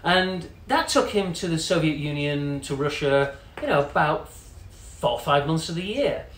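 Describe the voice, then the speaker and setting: A man's voice: on the high side, animated, unhurried, a bit bright. A man telling a long story in a chatty, casual way, full of "you know" fillers and quoted voices. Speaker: company CEO telling a story. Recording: echoey room with faint noise.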